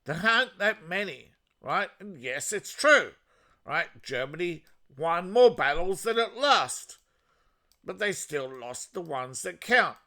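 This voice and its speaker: An Australian man hosting a solo commentary with a bright, forceful tone. He talks slowly and sarcastically, and his voice swings widely in pitch as he mocks and rants. His voice sits a little high for a man. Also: very animated. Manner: sarcastic, mocking, ranting. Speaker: political commentary host. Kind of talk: solo political commentary monologue.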